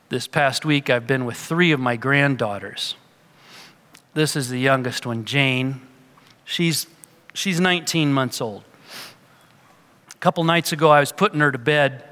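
Older male pastor preaching in a hall. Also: mid-range voice. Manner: earnest preaching, rising to emphatic peaks, closing in quiet prayer. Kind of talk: sermon.

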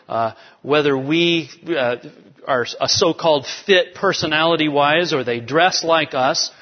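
A man preaching a sermon as pastor, explaining scripture and building to emphatic points. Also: fairly high pitch. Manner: expository preaching, rising to emphatic peaks. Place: church sanctuary. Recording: dull sound with long hall reverb.

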